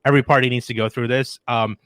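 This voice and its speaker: A man's voice: medium pitch, fairly even intonation, fast talker, a bit bright, clear, resonant tone, no echo. A man as a podcast guest, chatting casually about politics and rambling with many restarts.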